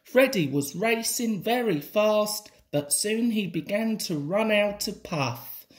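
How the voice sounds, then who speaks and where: Guy reading a kids' picture book, slow and sing-songy. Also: high-pitched, animated. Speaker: storybook reader.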